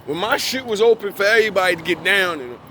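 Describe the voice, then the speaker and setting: A man's voice: high voice, animated, fast talker, pushed and bright, slight background noise. A young man giving a casual, preachy monologue in profane street slang, worked up as he preaches. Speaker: vlogger.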